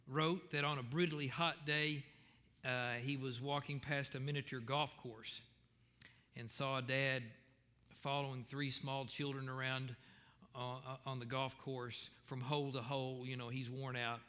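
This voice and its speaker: A man's voice: mid-range voice, flat delivery, unhurried, sharp tone, clean tone, long reverb tail. A man preaching a sermon in a church, talking in a conversational way with fillers and restarts, then building to emphatic questions. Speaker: pastor. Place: church sanctuary.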